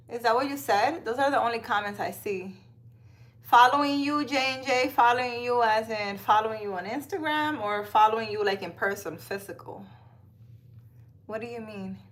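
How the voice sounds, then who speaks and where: A woman with a rather high voice hosts a casual live stream on her phone, chatting and reading cards and viewer comments out loud. Every so often she slips into baby talk with her cat.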